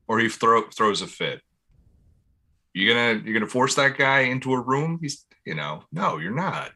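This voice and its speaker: Animated man ranting on a wrestling podcast. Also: mid-range voice, normal speed. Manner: animated, profane rants. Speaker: podcast host. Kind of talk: casual chat.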